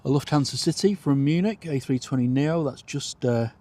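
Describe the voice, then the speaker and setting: A man's voice: medium pitch, normal speed, dark tone. A man hosting a live plane-spotting stream outdoors at an airport, calling arrivals and departures and chatting with viewers' comments.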